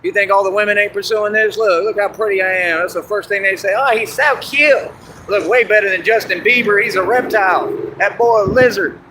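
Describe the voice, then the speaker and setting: A man chatting casually and boastfully on an outdoor livestream, laughing often and going hoarse. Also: sits high, steady tone, a little fast, few pauses, noisy background. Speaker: street performer in costume. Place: outdoors in a park.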